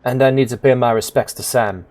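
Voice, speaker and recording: A man's voice: medium pitch, steady tone, brisk, darkish tone, close to an everyday voice. A man reading the lines of a hardened woman shadowrunner in a blunt, clipped way, close to his own voice. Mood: terse.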